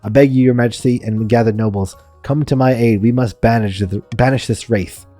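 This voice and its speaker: A man's voice: medium pitch, steady tone, fairly quick, dark tone, dry recording, soft background music, natural voice. A man doing a panicky, haunted noble chief. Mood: fearful. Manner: panicky, pleading. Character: frightened, fretful male noble chief.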